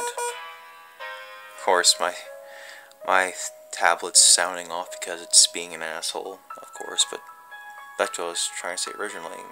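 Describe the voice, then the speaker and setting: A man's voice: low-pitched, huge pitch swings, measured pace, long pauses, music in the background, low-quality recording. A man casually narrating a creepy gaming story, rambling and cursing with lots of fillers. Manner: rambling, profane, full of fillers.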